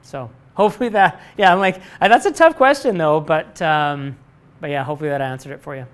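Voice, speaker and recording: A man's voice: on the high side, lively intonation, fairly quick, clean tone. A middle-aged man, a company president, answering student questions in a live talk, candid and rambling with frequent restarts and casual swearing. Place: lecture room before a live audience.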